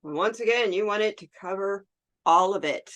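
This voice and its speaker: A woman's voice: mid-range voice, moderate pace, a bit bright. A woman hosting a resin art tutorial, chatting casually and talking to herself as she works. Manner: chatty, talks to herself while working, laughs easily. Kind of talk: casual hands-on demonstration.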